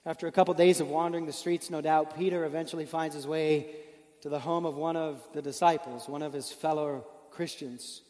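High-voiced preacher in a reverberant hall. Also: male voice, steady tone, fairly quick, darkish tone. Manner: earnest storytelling, rising with emotion, rhetorical questions. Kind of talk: sermon.

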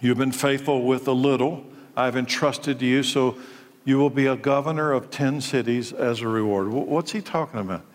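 A man's voice: mid-range voice, moderate pace. A male pastor preaching a sermon, emphatic and full of rhetorical questions. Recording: long reverb of a large hall.

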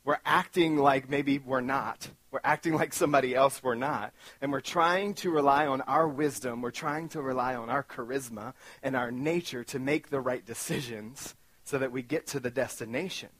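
Male guest speaker, animated self-mocking storyteller, dry mid-range voice. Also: medium pitch, moderate pace, breathy edge, no room sound. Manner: animated, self-mocking, acts out his own panic. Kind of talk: storytelling sermon talk.

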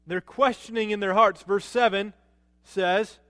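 A man preaching a sermon as a pastor, animated, rising to emphatic peaks and dropping low to quote. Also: a little slow, dry recording, big-room sound.

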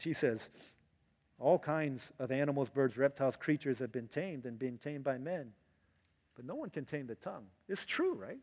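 A middle-aged man preaching a sermon as pastor, animated and acting out quotes in different voices. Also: medium pitch. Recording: long hall reverb.

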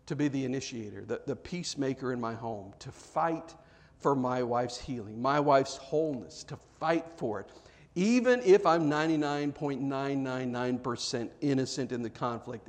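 A man preaching a sermon, animated and joking, acting out quoted voices, then dropping to soft earnest tones for serious points. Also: mid-range voice. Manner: animated, acts out quoted voices, jokes with congregation. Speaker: pastor.

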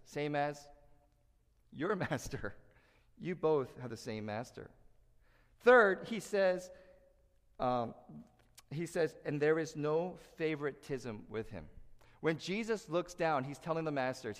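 A man preaching a sermon, animated and lively, acting out quoted voices as he teaches. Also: fairly high pitch, measured pace, long pauses. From United States. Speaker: pastor. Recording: echoey hall reverb.

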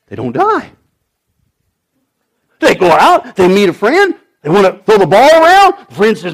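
A middle-aged male pastor delivers a sermon in a high, lively voice that swoops up and down. He tells the story dramatically, breaking into shouted lines when he acts out the characters. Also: normal speed, long pauses.

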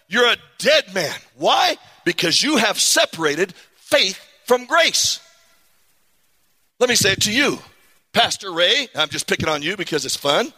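A man preaching a sermon, animated and calling on the congregation to respond. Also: sits high, long reverb tail. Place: church sanctuary.

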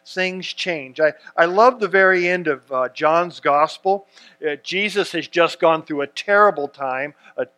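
A man's voice: a little high, measured pace, sharp tone. A man preaching a sermon, reading scripture and stressing key words earnestly, with frequent restarts. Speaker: pastor.

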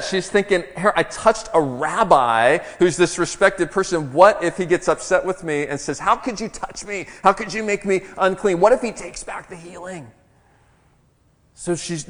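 A man preaching a sermon as pastor, earnest and teaching, often restarting his words. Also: fairly high pitch. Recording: long hall reverb.

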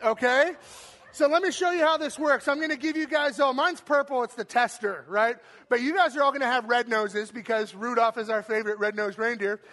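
A man with a strikingly high, bright and forceful voice hosts a game on stage for a church crowd. He talks to the audience with lots of energy, shouting cheers and countdowns and slipping in playful jokes. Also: fairly quick. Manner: playful, joking asides. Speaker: church game host and speaker. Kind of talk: live stage talk to an audience.

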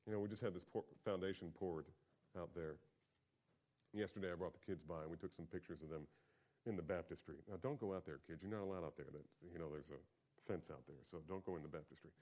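A man preaching a sermon as pastor, talking conversationally and swinging from quiet asides to loud, emphatic peaks. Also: sits low, quick pace.

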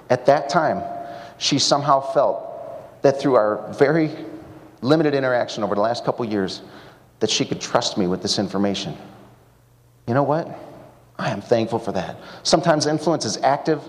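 Pastor preaching in a reverberant hall. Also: male voice, medium pitch. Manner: conversational storytelling with wry asides. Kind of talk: sermon at a seminar.

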